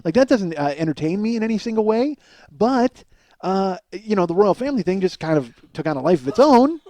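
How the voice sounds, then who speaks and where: A man's voice: high-pitched, sing-song, brisk, darkish tone, dry recording. A middle-aged man hosting a solo comedy podcast, telling a rambling, self-deprecating story and laughing at himself. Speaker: podcast host.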